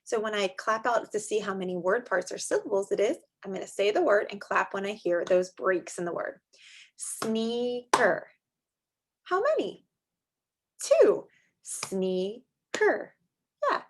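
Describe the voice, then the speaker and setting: A young adult woman teaching a small group of young children in a slow, sing-song manner with drawn-out words. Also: medium pitch, sing-song. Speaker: preschool teacher.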